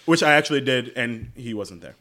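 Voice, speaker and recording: A man's voice: mid-range voice, fairly quick, bright, forceful tone. A man from Jacksonville, Florida, hosting a podcast and telling travel stories in a casual chat, swearing freely and laughing as he talks. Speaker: podcast host.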